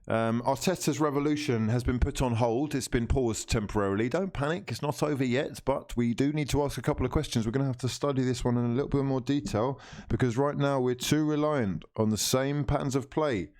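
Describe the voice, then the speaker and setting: A man's voice: medium pitch, a little fast, a little mellow. A young man hosting a live football watchalong, commenting on the game as he reacts to it, pleading with the players, scolding them and swearing often.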